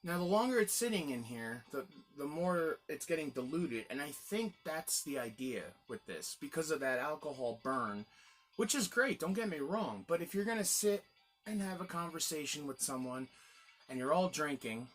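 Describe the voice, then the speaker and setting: A man's voice: fairly high pitch, lively intonation, normal speed, faint music behind. A man hosting a casual gin tasting review, chatty and rambling, exclaiming as he tastes.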